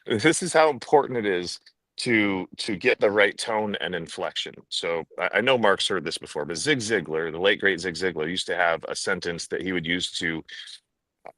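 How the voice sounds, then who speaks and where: A man's voice: deep voice, moderate pace, sharp tone, no room sound. A man speaking as a sales trainer guest on a podcast, emphatic and demonstrative, driving his points home with stress. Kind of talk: animated podcast talk.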